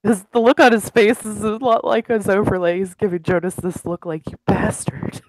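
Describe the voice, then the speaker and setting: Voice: medium pitch, fairly quick, a little hiss or hum, poor audio. A game master narrating a tabletop game casually, with asides and swearing.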